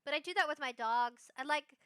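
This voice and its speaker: Bubbly high-voiced woman streamer. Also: fairly quick, dry recording, studio quality. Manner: bubbly, rambling, bursts of excited squealing. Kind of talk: casual live-stream chat.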